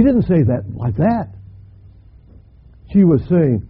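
An older man preaching a sermon, dramatic and impassioned, swelling in pitch and volume. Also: big pitch swings, slow pace, long pauses, slightly rough. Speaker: pastor. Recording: dull lo-fi recording.

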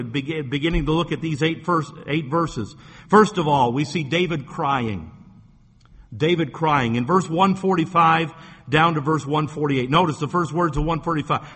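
A man's voice: a little high, bright, forceful tone, breathy edge, big-room sound. A man preaching a sermon as pastor, talking earnestly with repeated words and rising emphasis.

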